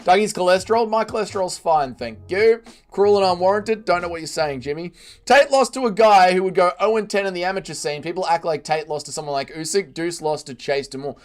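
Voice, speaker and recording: A man's voice: high voice, a little fast. A man hosting a casual livestream, reading chat aloud, swearing often and laughing readily.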